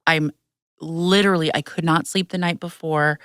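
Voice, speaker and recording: A woman's voice: low-pitched, steady tone, normal speed, fairly bright tone, clear, resonant tone, no echo, clean studio sound. A woman in her thirties hosting a podcast, telling stories animatedly and acting out the voices she quotes. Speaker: podcast host. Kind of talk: casual chat.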